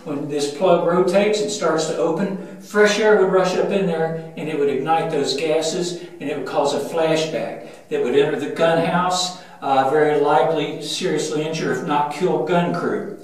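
Older man guiding in an echoing turret. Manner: methodical, pauses with frequent "uh" fillers. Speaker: museum ship guide. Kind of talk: guided tour explanation. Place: inside a steel gun turret on a battleship. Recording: booming metal-room echo, mic at a distance.

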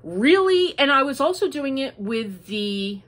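A woman's voice: high-pitched, big pitch swings, measured pace, a bit bright. A woman hosting a home crafting podcast, chatting casually in a rambling way. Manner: chatty and rambling, with many fillers. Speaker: crochet podcast host. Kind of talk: casual chat.

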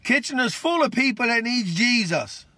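Tired, fervent street preacher, a man with a very high, dry voice. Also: moderate pace, dry recording. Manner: excitable, exclamatory, fervent. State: worn out. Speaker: street preacher hosting a live stream. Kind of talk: impromptu livestream preaching and greetings.

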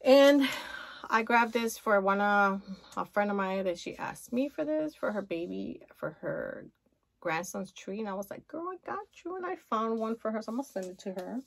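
A woman chatting excitedly and gushing as she shows off a shopping haul in a casual vlog. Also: mid-range voice, moderate pace, creaky. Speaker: haul vlogger.

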